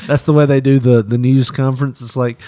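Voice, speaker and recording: A man's voice: medium pitch, little pitch movement, fairly quick, warm tone, no echo, studio quality. A man co-hosting a podcast, joking crudely and laughing often as he talks. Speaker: podcast co-host. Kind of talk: crude comedic banter.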